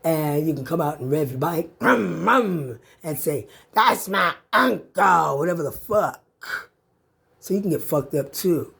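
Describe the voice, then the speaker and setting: A woman's voice: low-pitched, normal speed, dark tone, breathy edge. A woman in an angry, profane, direct-to-camera rant, taunting and confronting the listener. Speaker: vlogger.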